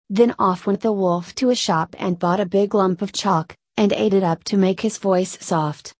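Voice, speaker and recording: A woman reading a classic fairy tale aloud in an even, unhurried storybook manner. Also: medium pitch, dry recording.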